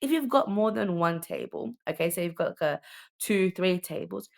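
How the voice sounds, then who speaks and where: A woman teaches the alphabet in a relaxed, chatty way. Her voice sits a little low, and she checks in often with "okay?" as she goes. She explains patiently and keeps it homely. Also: moderate pace, creaky. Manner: chatty, explains with repeated okays and ums. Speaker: homeschooling teacher. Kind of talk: casual alphabet lesson.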